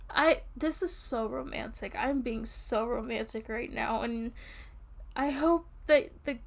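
A woman's voice: a little high, unhurried, gravelly. A woman playing a tipsy, rambling young girlfriend. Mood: tipsy affectionate. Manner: rambling, giggly, soft and intimate. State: drunk. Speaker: role-play performer. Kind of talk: audio role-play to the listener.

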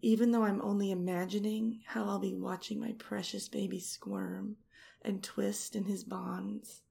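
Slow, gravelly woman teasing seductively. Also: medium pitch, little pitch movement, mellow, slight background noise. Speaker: audio role-play performer. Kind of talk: intimate erotic audio role-play. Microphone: close studio mic.

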